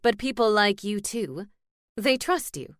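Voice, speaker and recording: A woman's voice: mid-range voice, expressive, unhurried, no room sound, natural voice. A woman reading the part of an eager, helpful male ghost with old-fashioned phrasing, in a dry close recording.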